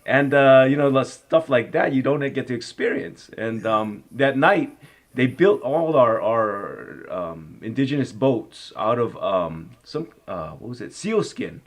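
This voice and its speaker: A man in his fifties, an actor, telling stories in a casual interview; he rambles with lots of "you know" and "like" and grows animated as he relives them. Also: mid-range voice, measured pace. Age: 50s.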